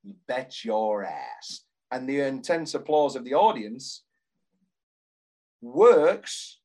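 A man's voice: medium pitch, very animated, slow pace, darkish tone. A British man co-hosting a theatre podcast, talking passionately in casual chat, swearing and reading script lines aloud in mock voices. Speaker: podcast co-host.

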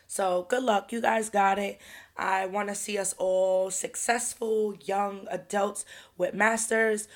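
A woman's voice: mid-range voice, steady tone, takes it slowly. A young woman in her twenties hosting her own podcast, talking candidly and chattily and swearing casually. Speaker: podcast host. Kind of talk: casual solo podcast chat.

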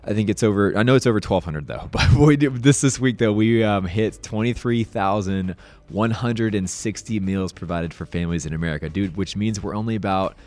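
A man's voice: lowish voice, a little fast, darkish tone. A young man hosting a podcast, enthusiastic and upbeat, saying dude and y'all a lot. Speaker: podcast host.

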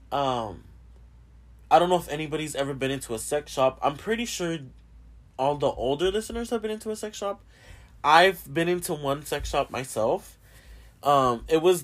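A young man hosting a podcast in casual chat, rambling and swearing a lot and often laughing. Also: a little high. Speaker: podcast host.

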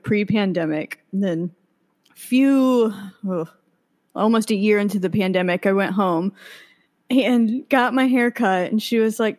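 A woman's voice: medium pitch, darkish tone. A young woman chatting casually as a guest, laughing often as she tells her stories. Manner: giggly, laughs often while telling stories. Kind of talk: casual chat.

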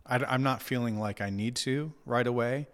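A man in his thirties telling a personal story in casual conversation, reflective and halting, with many fillers and restarts. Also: medium pitch, clean tone. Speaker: guest recounting an experience.

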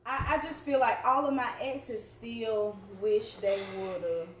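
A woman's voice: fairly high pitch, expressive, slow, crowd noise. A woman co-hosting a podcast, talking in a playful, teasing way and laughing often. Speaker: podcast co-host. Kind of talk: casual joking chat. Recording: distant from mic, echoey, noisy.

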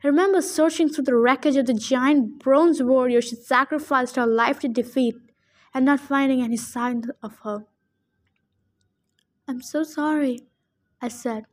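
A woman reading a first-person novel aloud, steady with small slips. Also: high-pitched, moderate pace. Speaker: audiobook reader.

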